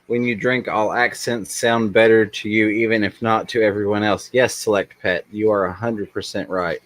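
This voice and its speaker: A man's voice: fairly low pitch, steady tone, normal speed, a bit bright. A man hosting a casual livestream chat, joking and self-deprecating as he rambles along. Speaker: livestream host.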